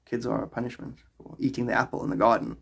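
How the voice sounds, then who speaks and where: A South African man chats loosely on a livestream from home. He rambles and answers viewers' questions aloud in a gravelly, husky voice. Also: mid-range voice, little pitch movement, quick pace, fairly bright tone. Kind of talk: casual livestream chat.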